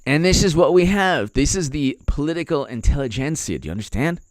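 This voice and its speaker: A man's voice: fairly high pitch, expressive, fairly quick, no room sound, clean studio sound. A man hosting a political commentary vlog, ranting sarcastically and repeating himself in disbelief. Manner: sarcastic, repetitive, incredulous. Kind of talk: casual political rant.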